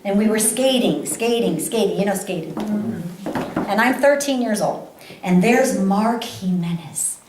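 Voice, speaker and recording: A woman giving a live motivational talk to an audience, animated, laughing often and repeating phrases for emphasis. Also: mid-range voice, a little slow, slight background noise. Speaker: motivational speaker. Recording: echoey hall.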